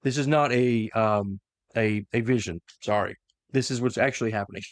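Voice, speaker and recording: A man's voice: lowish voice, moderate pace, dry recording, studio quality. A man hosting a podcast, casually retelling a story with lots of fillers and self-corrections. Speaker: podcast host.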